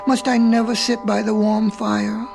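A man's voice: sits high, unhurried, creaky, over music. A man voicing a proud, sly male cat who walks by himself, cunning and wheedling when it suits him, in a storybook reading. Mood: pleading.

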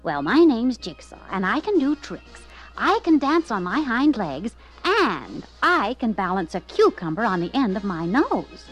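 A woman's voice: fairly high pitch, very animated, measured pace, soft background music. A woman voicing an eager, boastful young male animal in a storybook. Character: young male pet animal who feels special.

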